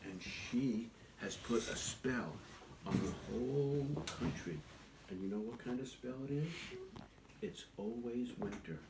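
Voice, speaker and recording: An older man, a grandfather, telling a children's story at home in a gentle, patient way. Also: medium pitch, a little slow, creaky. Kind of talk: bedtime storytelling. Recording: echoey, distant, noisy home recording.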